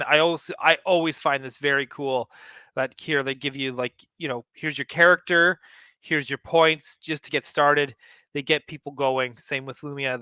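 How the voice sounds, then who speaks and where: Enthusiastic man with a bright clear voice. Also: on the high side, no room sound. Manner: enthusiastic, rambling with many fillers. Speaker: host of a collecting show. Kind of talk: casual chat flipping through a magazine.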